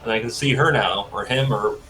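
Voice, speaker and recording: A man's voice: medium pitch, brisk, pushed and bright, soft background music. A man playing a tabletop game, talking hesitantly and thinking aloud about his moves. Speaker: player. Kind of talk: casual chat.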